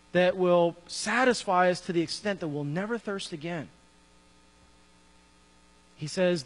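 Man, pastor, conversational sermon, acts out dialogue, high voice, long hall reverb. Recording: reverberant hall with mains hum.

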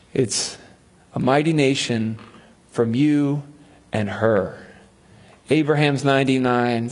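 A male pastor preaching a sermon, telling a Bible story with humor and acting out the voices of its figures. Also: medium pitch.

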